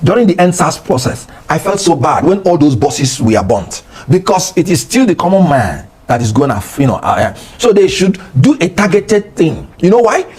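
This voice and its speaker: A middle-aged Nigerian man speaking with an accent as a guest on a political talk show, passionate and rising toward shouting. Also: on the high side, big pitch swings, normal speed, hardly any pauses, slightly rough. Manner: impassioned, rising to near shouting.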